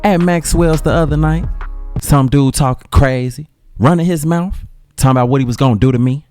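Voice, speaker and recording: A man voicing a tough, quick-tempered middle-aged mother who talks blunt and cusses with streetwise slang. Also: low-pitched, dark tone, soft background music, pitched above the performer's own voice, close to an everyday voice. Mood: brash, amused.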